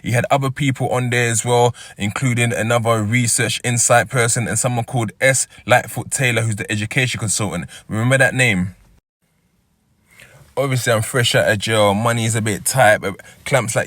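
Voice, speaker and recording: A London man in his thirties recounts his life story in a relaxed, chatty way, often pausing to check in with the listener. His voice sits in a middle range and the recording is dry and close, with no room sound. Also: medium pitch, no echo. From East London. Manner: conversational, checks in with "yeah?". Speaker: storyteller and football club founder. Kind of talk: first-person storytelling.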